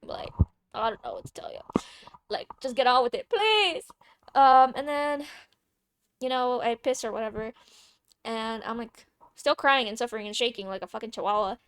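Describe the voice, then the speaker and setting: Young woman, fairly high voice, casual storytime, swears freely, playful asides, dry close sound. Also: moderate pace, fairly bright tone, clear, resonant tone, dry recording. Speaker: vlogger.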